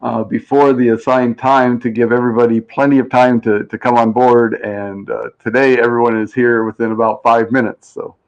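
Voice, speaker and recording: In a level, mid-range voice, a man hosts a game show live stream at a moderate pace with few pauses. He's chatty and rambling, reading chat aloud and playing with pronunciations, and the audio is dull.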